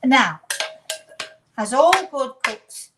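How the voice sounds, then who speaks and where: A woman's voice: high voice, big pitch swings, drawn-out words, background noise. Chatty English woman cooking at home. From England. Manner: chatty, rambling, self-deprecating asides. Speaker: cooking show host. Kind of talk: casual home cooking demonstration. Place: home kitchen.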